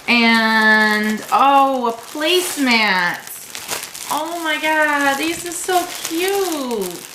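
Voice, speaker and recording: Woman, high voice, slow unhurried talk, gushing, echoey home room with faint noise. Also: lively intonation, bright, forceful tone. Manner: gushing, talks to her cat in a doting voice. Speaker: vlogger. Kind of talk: casual unboxing chat.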